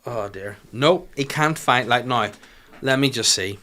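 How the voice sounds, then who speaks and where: A man hosts a podcast from a small studio, talking in a casual, comedic way. He rants and jokes with lots of swearing. His delivery is animated and sits at a middle pitch for a man. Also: a little slow. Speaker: podcast host.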